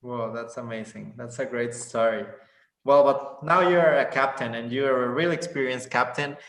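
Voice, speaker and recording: A man's voice: mid-range voice, normal speed, fairly bright tone. A man interviewing a pilot, asking questions hesitantly and restarting them. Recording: roomy echo.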